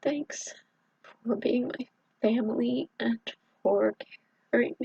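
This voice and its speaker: Woman, middle-aged, confessional vlog, halting and earnest, gravelly, dry lo-fi audio. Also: a little high, fairly even intonation, no echo. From Southeast Texas. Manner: halting, earnest, many pauses and fillers. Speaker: vlogger.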